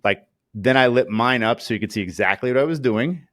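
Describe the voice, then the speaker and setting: A man's voice: mid-range voice, fairly quick, no echo, clean studio sound. A man co-hosting a casual chat, telling stories with lots of fillers and acting out quoted voices. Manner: animated storyteller, acts out quoted voices. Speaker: podcast co-host.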